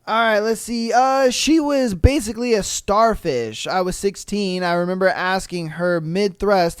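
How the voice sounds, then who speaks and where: A podcast host who reads listener stories aloud and reacts with loud laughter and plenty of swearing. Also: mid-range voice, slow pace, smooth, dry recording. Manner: profane, laughing, animated reactions.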